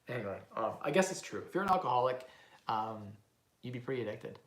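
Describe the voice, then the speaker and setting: A man's voice: mid-range voice, quick pace, roomy sound. A man, rambling animatedly through a casual live-stream Q&A as a real estate investing host. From Canada. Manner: rambling, animated, lots of "like" and "right?".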